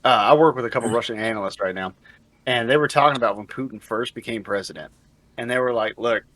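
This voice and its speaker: A man co-hosting a casual podcast chat, laid-back and lowering his voice for emphasis. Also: fast talker, fairly bright tone, no room sound, poor audio. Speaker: podcast co-host.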